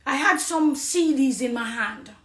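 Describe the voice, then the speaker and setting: Jamaican woman, middle-aged, high voice, preachy testimony, echoey room. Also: expressive, measured pace. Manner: preachy, swings from hushed confiding to loud accusing. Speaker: dancehall artist on a live stream. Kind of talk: impassioned personal testimony.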